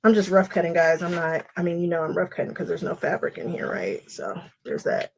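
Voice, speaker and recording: A woman's voice: fairly low pitch, flat delivery, brisk, gravelly, darkish tone, slight background noise. A woman hosting a live paper-piecing stream, chatting casually and going off on tangents while she talks to viewers by name. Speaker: quilting livestream host. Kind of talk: casual live crafting chat.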